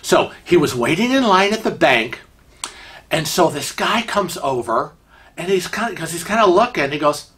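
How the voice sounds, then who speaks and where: A man's voice: on the high side, very animated, normal speed, fairly bright tone. A man hosting a show, telling funny stories in a chatty way and laughing along. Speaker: host. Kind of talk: casual storytelling.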